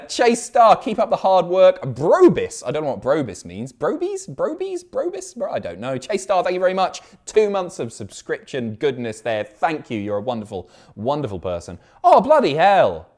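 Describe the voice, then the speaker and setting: Animated, sweary man. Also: medium pitch, normal speed. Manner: animated, sweary, banter-filled. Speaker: live stream host. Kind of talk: casual chat reading viewer messages.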